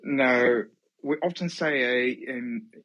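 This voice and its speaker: A man's voice: mid-range voice, slow, fairly bright tone. Insistent man caller on a muffled line. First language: Chinese. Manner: insistent, repeats himself. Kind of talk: casual English practice chat.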